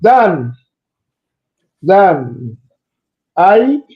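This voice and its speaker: A man's voice: sits high, very animated, very slow. A tired man talking hesitantly as a fan panelist on a podcast. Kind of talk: casual podcast chat. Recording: muffled lo-fi mic.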